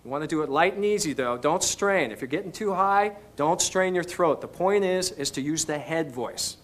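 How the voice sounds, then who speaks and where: A man's voice: on the high side, animated, normal speed, fairly bright tone. A man teaching singing on an instructional video, patiently coaching each step. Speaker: vocal instructor.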